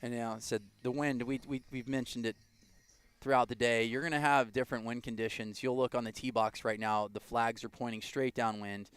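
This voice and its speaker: A man calling a live sporting event, relaxed and chatty, often restarting his sentences. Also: mid-range voice, fairly quick, clear, resonant tone, no echo. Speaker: play-by-play commentator.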